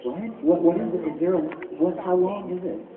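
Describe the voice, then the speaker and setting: A man's voice: high-pitched, fairly quick, crowd noise. A man answering fans' questions at a convention panel, playful and chatty. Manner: animated, playful, chatty with fans. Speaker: voice actor panel guest. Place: large convention panel hall. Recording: echoey hall from far off, tinny, noisy.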